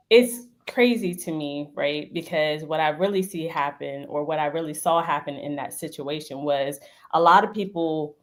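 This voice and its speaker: Female guest on a talk show; lowish voice, opinionated and chatty. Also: a little slow. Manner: conversational, opinionated. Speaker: guest commentator. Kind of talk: casual talk show discussion.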